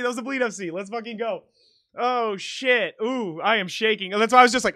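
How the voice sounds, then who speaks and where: A young man streaming a rhythm game, chatting casually, swearing freely and shouting when he celebrates. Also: sits high, lively intonation, brisk, dry recording, studio quality. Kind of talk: casual live-stream chat while gaming.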